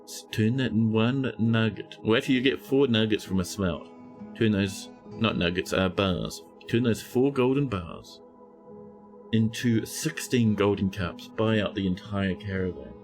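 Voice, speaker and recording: A man's voice: fairly low pitch, a little slow, soft background music. A man giving chatty live-stream commentary as he plays a game, talking to his chat and scolding the characters on screen. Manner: chatty, talks to chat while playing.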